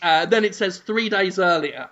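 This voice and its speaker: A man hosting a podcast, crude and rambling in deadpan comedic storytelling. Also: high-pitched, normal speed, dull audio, very noisy. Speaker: podcast host.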